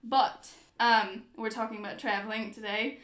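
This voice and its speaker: A prim, posh English lady greets viewers in a lifted, bright voice, as an American woman puts her on. The put-on accent is played for fun, and the room is echoey. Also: on the high side, steady tone, normal speed, lightly acted.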